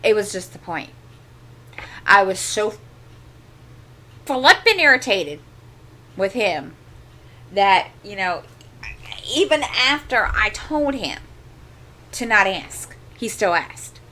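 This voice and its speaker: A woman's voice: mid-range voice, sing-song, takes it slowly, long pauses, sharp tone. A middle-aged woman hosting a crafting channel, chatting casually at home into a desk microphone and telling a long, exasperated story full of asides. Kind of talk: casual chat.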